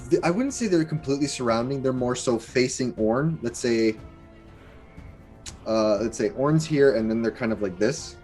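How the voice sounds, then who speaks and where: A man's voice: mid-range voice, expressive, moderate pace, a little mellow, soft background music. A man narrating a tabletop game as game master in a casual, laughing way. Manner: casual, laughing, gestures as he describes.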